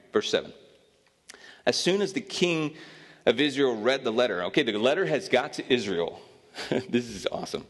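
A man's voice: mid-range voice, animated, moderate pace, husky. A man giving a casual, joking sermon as a pastor, telling a Bible story in an easygoing, conversational way. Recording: long reverb of a hall.

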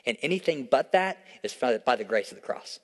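A young adult man preaching a sermon in church, emphatic and repetitive, swinging between hushed storytelling and loud declarations. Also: mid-range voice, sing-song, fairly quick. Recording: long hall reverb.

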